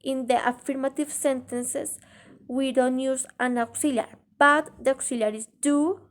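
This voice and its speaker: A woman teaching an English grammar lesson in a halting way, pausing mid-sentence and reading example sentences aloud. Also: high voice, fairly even intonation. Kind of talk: grammar lesson explaining tag questions.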